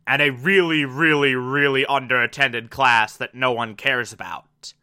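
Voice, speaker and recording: A man casually and excitably recapping a TV episode, acting out the characters as he goes. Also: mid-range voice, measured pace, smooth. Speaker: TV show recapper.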